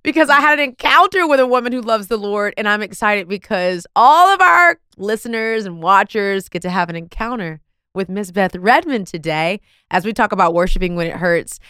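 A woman hosts a podcast in relaxed, casual chat, talking in an effusive, animated way. Her voice is smooth and crisp, sitting at a middle pitch. The sound is dry and close, with no room around it. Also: moderate pace, dry recording. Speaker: podcast host.

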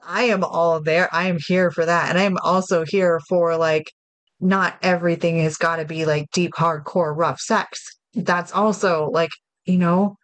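A woman's voice: lowish voice, no room sound. A woman co-hosting a casual podcast chat, talking frankly and unhurriedly about games. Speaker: podcast co-host.

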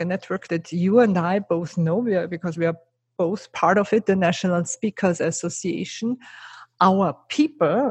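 A woman's voice: mid-range voice, darkish tone, husky, no room sound. A middle-aged woman, not a native English speaker, telling her career story earnestly on a podcast as a guest speaker. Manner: earnest, emphatic, asks rhetorical "right?". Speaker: guest, keynote speaker and trainer.

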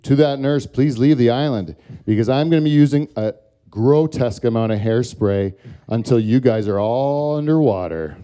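A man hosting a comedy show, ranting through a profane storytelling monologue. He speaks in a mellow, mid-pitched voice, often stopping on filler words. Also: moderate pace, clean tone.

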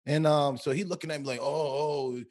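A man co-hosting a podcast, telling street stories in casual chat with lots of cursing and animated retelling. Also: fairly high pitch, quick pace. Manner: profane, animated storytelling. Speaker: podcast co-host.

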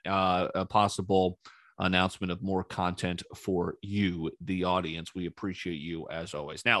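Male sports talk host, low voice, dry close sound, rambling, opinionated, sarcastic. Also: fairly bright tone, no room sound. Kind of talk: casual solo sports commentary.

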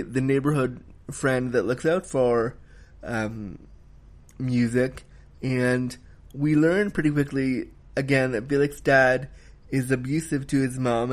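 A man giving a casual spoken film review, emphatic and heated, swearing freely as he rants. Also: medium pitch.

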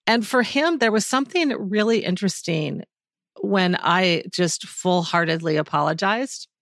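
A woman in her forties speaks as a podcast guest, candid and reflective, pausing to find her words. Her voice sits a little low for a woman. The recording is dry and close. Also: expressive, a bit bright, dry recording. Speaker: guest author. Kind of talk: reflective interview talk.

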